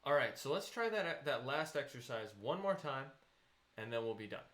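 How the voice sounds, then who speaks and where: A man's voice: mid-range voice, big pitch swings, normal speed, a bit bright, echoey room, slight background noise. A man teaching a voice lesson, patiently explaining vocal technique and counting students into exercises.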